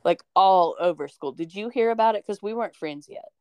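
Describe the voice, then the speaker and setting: A young woman hosting a podcast, casually telling a story with animated energy and frequent swearing, acting out the people she quotes. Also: mid-range voice, fairly quick, clear, resonant tone, no echo. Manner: animated, acts out quoted voices, swears freely. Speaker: podcast host.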